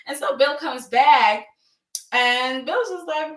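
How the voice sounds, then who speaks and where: A woman's voice: high voice, slow, reverberant, far from the mic. A woman chatting casually as she recaps a soap opera, acting out the characters' lines with lots of laughs. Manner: animated, acts out characters' lines, frequent laughs.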